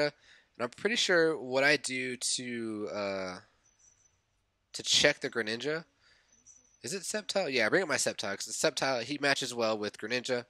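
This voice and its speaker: Excitable young male gaming commentator, bright voice, very animated, dry close mic with faint music behind. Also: mid-range voice, no echo. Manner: excitable, reliving his own reactions; thinks aloud, corrects himself. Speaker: gaming YouTuber. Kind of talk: casual game commentary voice-over.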